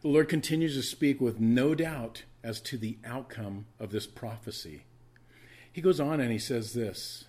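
This pastor speaks at medium pitch, a little slowly, in a darkish, slightly rough voice. His sermon is emphatic teaching full of repeated key words, conversational asides to the congregation and requests that listeners take notes.

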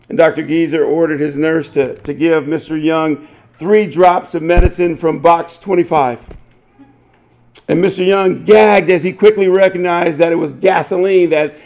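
Older man, pastor, high-pitched, animated storyteller in a sermon. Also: normal speed. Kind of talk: sermon with a told joke.

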